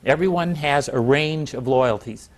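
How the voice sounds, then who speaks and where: A man's voice: fairly high pitch, measured pace. Reflective male historian. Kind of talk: interview answers.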